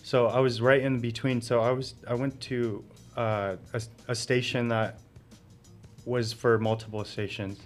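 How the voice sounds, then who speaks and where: A man's voice: medium pitch, level tone, a little slow, soft background music. A man guest telling his story in casual conversation, laughing often and filling with "like". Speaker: interview guest.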